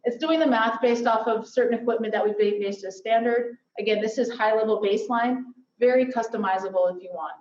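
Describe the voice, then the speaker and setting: A woman's voice: on the high side, fairly quick, few pauses, a little mellow. A woman giving an upbeat conference presentation with joking asides. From Silicon Valley. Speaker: workshop presenter. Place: lecture hall. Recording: echoey hall from far off, dull.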